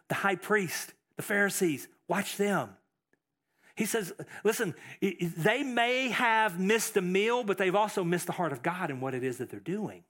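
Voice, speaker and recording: A man's voice: sits high, expressive, normal speed, a bit bright. A man preaching a sermon as pastor, emphatic, repeating phrases, with fillers and restarts.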